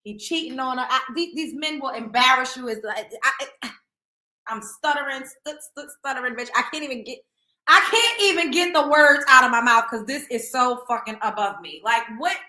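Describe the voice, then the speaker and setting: A woman hosts a gossip show with a bright, sharp voice pitched a little high. She talks bluntly and profanely and stumbles over repeated words. The room around her is echoey. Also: moderate pace. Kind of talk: casual celebrity gossip commentary.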